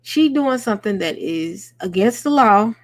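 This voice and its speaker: A woman's voice: medium pitch, expressive, a little slow, dry recording. A woman hosting a late-night livestream, talking earnestly and conversationally to her chat. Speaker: host.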